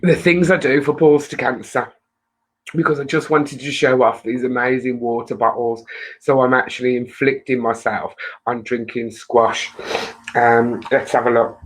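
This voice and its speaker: A woman's voice: a bass voice, fairly even intonation, normal speed, breathy edge, rough recording. A woman hosting a charity live stream, chatting loosely to viewers, rambling and laughing often into her webcam.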